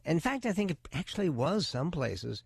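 Measured man hosting talk radio, dry. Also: fairly high pitch, sing-song, creaky, slightly rough, dry recording. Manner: measured, deliberate, emphatic on key words. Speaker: radio talk show host. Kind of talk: opinionated political commentary. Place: radio studio. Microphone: close studio microphone.

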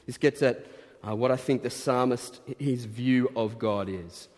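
A man's voice: medium pitch, measured pace, darkish tone. A man preaching a sermon in a chatty, playfully self-deprecating way. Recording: long reverb in large hall.

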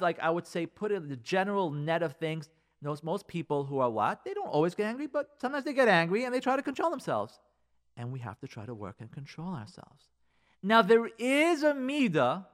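A high-pitched man delivers a Torah lesson over the radio, quoting Hebrew and Aramaic sources and asking rhetorical questions while swinging from loud stresses to quiet side remarks.

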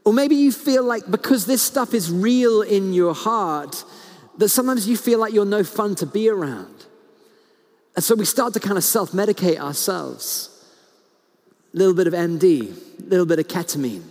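A male pastor preaching a sermon, telling stories earnestly and slowing down to stress key words. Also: high-pitched, animated, a little mellow. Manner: earnest storytelling, slows down for emphasis, frequent restarts. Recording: long hall reverb.

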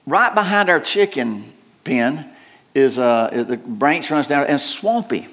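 A man's voice: mid-range voice, expressive, unhurried, a bit bright. Folksy preacher man. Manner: folksy and joking, rambling with many restarts. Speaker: pastor. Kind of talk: sermon.

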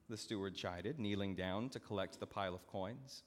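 A male pastor telling a story in a sermon with dramatic, expressive narration, recorded in a church. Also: on the low side, normal speed. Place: church sanctuary. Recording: long church hall reverb.

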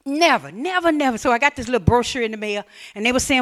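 A Southern woman pastor with an Alabama accent, preaching to her church in a bright, forceful voice. She tells folksy, funny stories and swings between loud bursts and near-whispers. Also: sits high, sing-song, fast talker, hardly any pauses. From Mobile, Alabama. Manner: folksy, humorous storytelling with sudden shifts between loud and hushed. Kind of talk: sermon.

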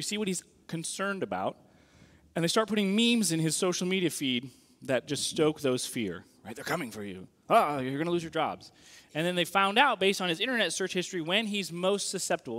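A man preaching a sermon in a conversational, animated way, often checking in with the audience. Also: fairly high pitch. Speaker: pastor. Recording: long reverb of a large hall.

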